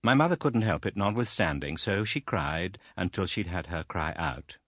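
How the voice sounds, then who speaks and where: A man narrating a classic novel in a measured, expressive storytelling manner. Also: deep voice, no echo, studio quality. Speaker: audiobook narrator.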